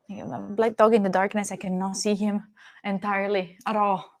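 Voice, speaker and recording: Cooking at home in a kitchen with its door open, a young woman from Italy banters casually with her live-stream audience, dropping the occasional swear word in her Italian accent. She speaks fairly quickly in a mid-range voice that barely moves in pitch.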